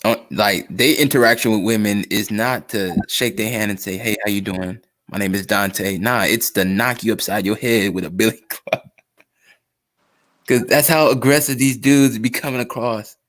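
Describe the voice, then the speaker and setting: A man with a low voice chats casually and jokes. He speaks, laughs a lot and restarts his sentences with stammers. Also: normal speed, a bit bright. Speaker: podcast co-host. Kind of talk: casual joking chat.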